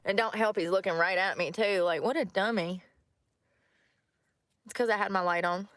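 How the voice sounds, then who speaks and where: A woman's voice: mid-range voice, moderate pace, fairly bright tone, no echo, clean studio sound. A woman talking in casual chat from a parked car at night, rambling, laughing often and swearing freely. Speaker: vlogger.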